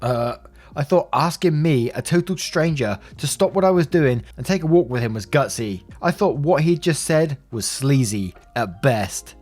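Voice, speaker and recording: A man's voice: medium pitch, expressive, normal speed, a little mellow, soft background music. A man narrating online stories aloud and adding his own commentary, chuckling as he goes. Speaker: story narrator.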